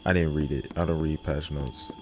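A man's voice: very deep voice, fairly even intonation, normal speed, background noise. A man doing casual, joking let's-play commentary, rambling and tossing in playful noises as he plays. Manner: joking, rambling, playful mutters and sound effects. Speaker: gaming YouTuber.

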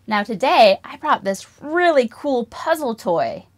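A woman's voice: fairly high pitch, sing-song, measured pace, few pauses. Sing-song woman teaching toddlers. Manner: sing-song, exaggerated gasps and wonder, questions to toddlers. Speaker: preschool music teacher. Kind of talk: children's lesson, singing and toy play.

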